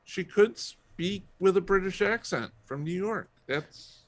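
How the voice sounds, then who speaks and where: A man's voice: sits high, lively intonation, takes it slowly, no room sound. A man co-hosting a podcast, chatting casually with a dry, sardonic manner. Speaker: podcast co-host. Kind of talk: casual chat.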